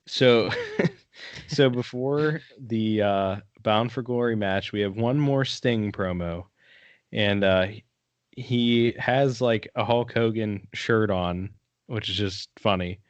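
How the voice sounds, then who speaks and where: A man's voice: lowish voice, slow, no room sound, highs cut off. A man co-hosting a casual podcast chat, telling the story in a laid-back way and swearing casually. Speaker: podcast co-host.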